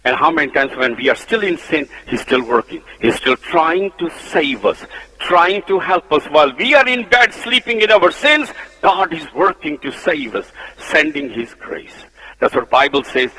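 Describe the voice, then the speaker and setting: High bright-voiced Punjabi-accented male preacher. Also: big pitch swings, normal speed. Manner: emphatic, swinging between loud preaching and soft low asides. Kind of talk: sermon. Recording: long hall reverb.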